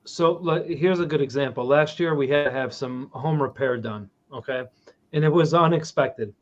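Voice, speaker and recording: A man's voice: a little high, normal speed, muffled recording. A man telling a personal story in a casual online talk show and acting out the quotes as he goes. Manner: animated storyteller, acts out quotes.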